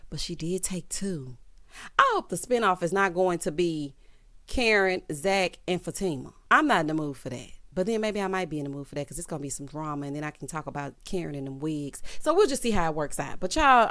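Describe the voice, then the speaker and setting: Sassy, animated woman recapping a show. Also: on the low side. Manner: sassy, animated, acts out characters' lines. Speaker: TV recap host. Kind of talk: casual recap commentary.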